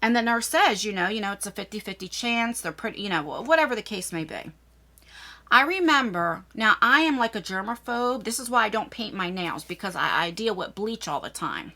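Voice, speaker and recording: A woman's voice: mid-range voice, sing-song, brisk, gravelly, pushed and bright. A woman in her forties telling a personal story in a vlog, emotional and rambling, often restarting her sentences. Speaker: vlogger.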